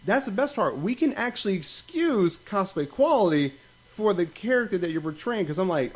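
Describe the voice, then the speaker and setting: A man's voice: high-pitched, moderate pace, hardly any pauses. Profane, rambling young man podcaster. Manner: profane, rambling, animated storytelling. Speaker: podcast host. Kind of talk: casual podcast chat.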